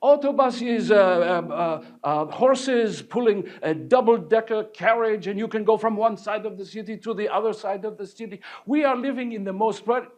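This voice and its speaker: A man's voice: high voice, moderate pace, hardly any pauses, natural voice. An actor playing an exuberant French painter, telling his life story to a live audience in a village hall and joking with them. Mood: playful. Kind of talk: live one-man character performance.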